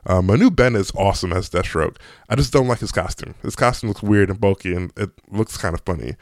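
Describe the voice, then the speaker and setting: Male movie reviewer, casual and eager, slightly low pitch, dry room. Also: brisk, dry recording. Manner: excitable, chatty, frequent ums and restarts.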